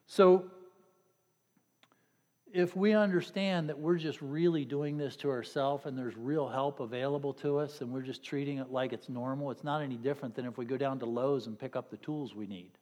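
A man's voice: medium pitch, fairly even intonation, moderate pace, a little mellow. Middle-aged male preacher, chatty and sarcastic, live in a hall with long echo. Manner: conversational, joking, sarcastic asides to the congregation. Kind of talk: sermon.

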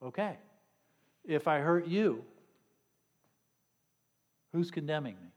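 Joking preacher in a reverberant hall. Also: male voice, fairly high pitch, expressive, slow pace. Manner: conversational, joking, sarcastic asides to the congregation. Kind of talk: sermon.

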